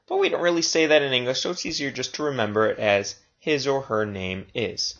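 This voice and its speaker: A man teaching a recorded language lesson, speaking slowly and deliberately and repeating each phrase twice. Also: medium pitch, a bit bright. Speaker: Spanish teacher.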